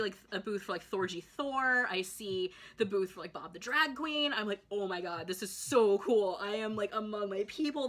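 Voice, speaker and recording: Young adult woman, vlogger, bright tone, chatty and excitable storyteller, casual monologue. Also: medium pitch. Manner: chatty, filler-heavy, excitable.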